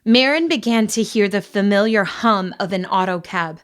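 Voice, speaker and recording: A woman narrating a young adult fantasy audiobook in a calm, even storytelling manner. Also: mid-range voice, moderate pace, clear, resonant tone. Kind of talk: scripted narration.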